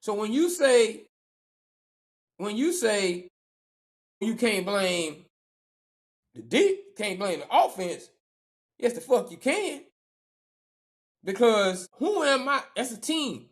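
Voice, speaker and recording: Emphatic, animated male sports podcaster. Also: high-pitched, takes it slowly, long pauses. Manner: animated, emphatic, repeats phrases for effect. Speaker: podcast co-host. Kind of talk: casual sports chat.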